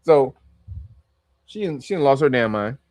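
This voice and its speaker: A man's voice: mid-range voice, expressive, measured pace, darkish tone. A man giving casual, profane reaction commentary on a video clip, incredulous and laughing often. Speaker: reaction streamer.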